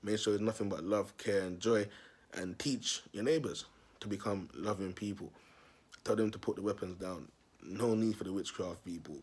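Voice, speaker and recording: A young man telling a story in a casual vlog, animated and slangy, laughing often. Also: on the low side, moderate pace, breathy edge. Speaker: self-styled prophet vlogger.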